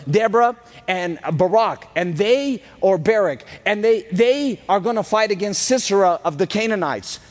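A man preaching a sermon as pastor, telling the story in a lively, casual way. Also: high voice, big-room sound.

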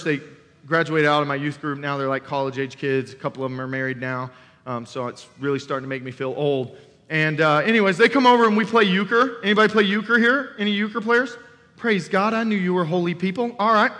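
A young man preaching in a church sanctuary, his voice high and ringing. He talks animatedly and conversationally, throwing questions out to the congregation. The sound carries a long reverberant tail from the hall. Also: bright, forceful tone. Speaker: youth pastor preaching as guest. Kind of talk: sermon.

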